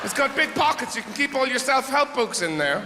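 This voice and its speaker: A comedian playing an exasperated gift-giver who yells and barks orders, his voice pushed high and loud. The rant rings through a roomy hall with long reverb, and steady background noise sits under it. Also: a little fast. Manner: ranting, bullying, shouting orders. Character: exasperated man shouting at a gift recipient.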